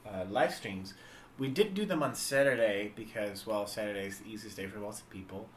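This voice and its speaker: A man's voice: on the low side, fairly quick. A man co-hosting a casual livestream chat, explaining things with many fillers and restarts. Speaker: livestream co-host. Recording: echoey room with faint background noise.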